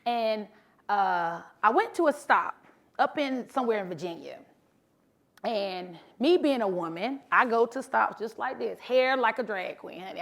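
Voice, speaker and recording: A woman who drives trucks, telling her story in a bubbly, animated motivational speech to a live audience and talking casually to the crowd. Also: on the high side. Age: adult, mother of sons. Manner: casual, chatty, addresses crowd as honey and y'all. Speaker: truck driver and social media creator. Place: live event before an audience.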